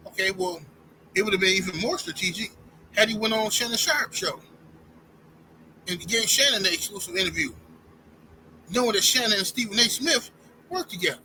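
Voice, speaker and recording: A man's voice: high voice, normal speed, pauses often, pushed and bright, a little hiss or hum, rough recording. A man giving an opinionated sports rant to his channel's viewers, heated and talking straight at them. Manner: heated, addresses viewers directly as y'all. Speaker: sports commentary YouTuber.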